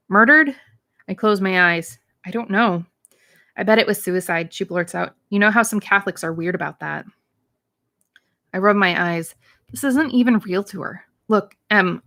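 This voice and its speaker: A woman's voice: mid-range voice, fairly bright tone. A woman, a teacher, reading a novel aloud in plain narration, lightly voicing the dialogue, with occasional slips and restarts.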